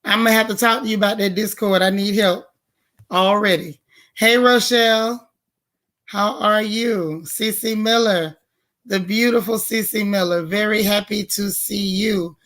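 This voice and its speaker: Hoarse middle-aged woman, livestream host, chatty, calls out viewers by name. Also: mid-range voice, fairly even intonation, measured pace, a bit bright. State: hoarse, strained voice. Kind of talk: casual livestream greetings to viewers.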